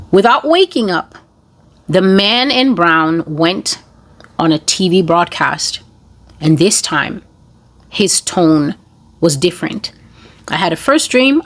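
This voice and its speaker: A woman in the middle range of pitch tells her dreams as prophecy. She talks slowly and deliberately, with pauses and small detours. She keeps an earnest, even narrating tone throughout. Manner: slow, deliberate, rambling storytelling. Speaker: online broadcaster.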